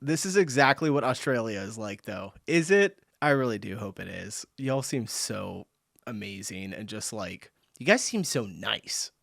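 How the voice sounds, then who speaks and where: An American man hosting a reaction video, chatting casually with animated, joking asides. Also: lowish voice, normal speed, creaky, no room sound, studio quality. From United States.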